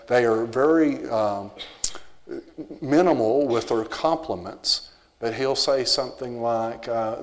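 A man's voice: medium pitch, long reverb tail. A man with a Southern US accent, a visiting missionary giving an easygoing, informal talk to a church congregation. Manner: easygoing, folksy, with frequent fillers. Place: church sanctuary.

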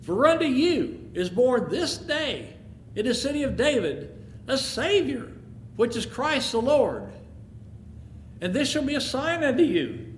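A man voicing a solemn heavenly angel, proclaiming slowly in a raised voice for a storybook telling. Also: very high voice, wildly swooping pitch, slight background noise, pitched above the performer's own voice, heavily acted. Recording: echoey room.

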